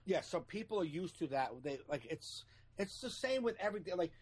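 A man co-hosting a podcast in casual chat, agreeable and quick to say "right, right". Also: high voice, animated. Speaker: podcast co-host.

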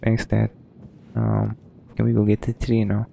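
A man's voice: lowish voice, completely flat delivery, unhurried, creaky, dark tone, a little hiss or hum. A man giving casual, rambling let's-play commentary, hesitant and full of ums. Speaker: gaming streamer.

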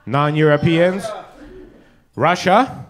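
Man, stand-up comedian, crowd work, teasing, handheld mic, club stage. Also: fairly high pitch. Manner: teasing, quick asides, frequent put-on quotes.

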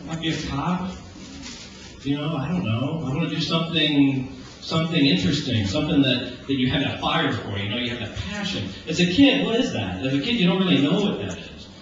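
A man in his forties preaching a casual, conversational sermon. He jokes and acts out everyday conversations in lively voices. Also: on the high side, fairly quick. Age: 40s. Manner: animated and joking, acting out everyday dialogue. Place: church sanctuary. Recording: echoey church, distant, dull lo-fi with hiss.

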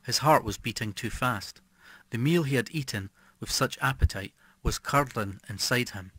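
A man's voice: medium pitch, normal speed, a bit bright, slightly rough, no room sound. Man narrating a horror audiobook, dry sound. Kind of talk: scripted storybook narration.

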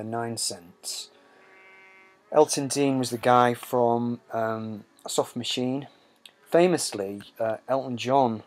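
A man's voice: on the low side, a little hiss or hum. A man hosting a casual talk about records, rambling with many fillers. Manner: rambling, many ums and uhs. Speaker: host. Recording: music playing behind.

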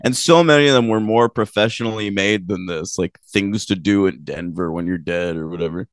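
A man's voice: deep voice, brisk, dry recording. A man hosting a film podcast in casual chat, teasing his co-host and blunt in his opinions.

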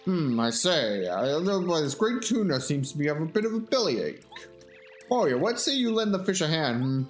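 A man reading a game aloud, putting on a pompous gentleman explorer with plummy, old-fashioned phrasing. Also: fairly high pitch, very animated, normal speed, soft background music. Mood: musing.

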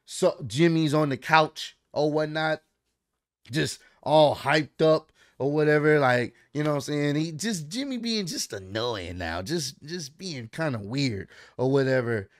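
A man's voice: on the high side, lively intonation, measured pace, dry recording, clean studio sound. A man casually recapping a show in a loose, rambling way, full of fillers and slang. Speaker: wrestling recap vlogger.

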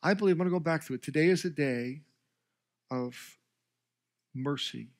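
A man's voice: on the high side, normal speed. A male pastor preaching a sermon, telling a story with emphatic, rising delivery and briefly voicing the characters.

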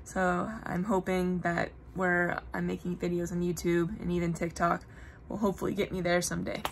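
A woman's voice: lowish voice, level tone, normal speed, creaky, slight background noise. A young adult woman, a puppeteer, telling stories in casual, earnest chat. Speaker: puppeteer guest. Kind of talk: casual chat on a live web show.

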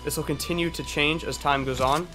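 A man's voice: on the high side, steady tone, over music. A young man giving hyped, exclamatory commentary over his own gameplay as a gaming video host. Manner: hyped, exclamatory, quick asides. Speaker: gaming YouTuber.

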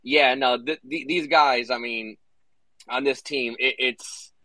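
Bright-voiced man hosting a casual call. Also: mid-range voice, fairly even intonation, slow, dry recording, poor audio. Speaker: host. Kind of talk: casual chat on an online audio call.

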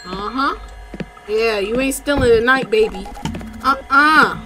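A woman's voice: on the high side, measured pace, pauses often, noisy background. A woman hosting a gameplay video, talking casually with lots of slang and swearing as she plays. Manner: loud, profane, slangy and animated. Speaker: gaming video host.

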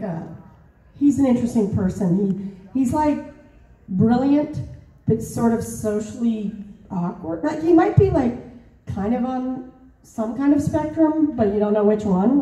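Brief: woman voice actor at a fan panel, lively and laughing, mellow voice, recorded far off in a big echoey hall. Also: fairly high pitch, unhurried. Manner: animated, laughing, lots of fillers. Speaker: voice actor and convention guest. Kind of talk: storytelling at a convention panel. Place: large convention hall. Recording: roomy hall, mic far off.

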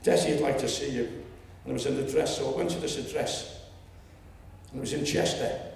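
A man in his seventies with a Liverpool accent, telling a story at a public meeting and rising to loud indignation. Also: medium pitch, a little fast, gravelly. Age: 70s. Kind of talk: impassioned public speech. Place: lecture hall. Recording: echoey hall, distant mic.

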